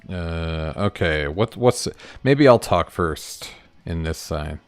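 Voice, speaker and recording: A man's voice: deep voice, expressive, slow, smooth, no room sound, faint music behind. A man livestreaming as he builds his game, thinking aloud, rambling and chuckling as he works through each step. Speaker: indie game developer streaming his work. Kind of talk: casual livestream, thinking aloud while working.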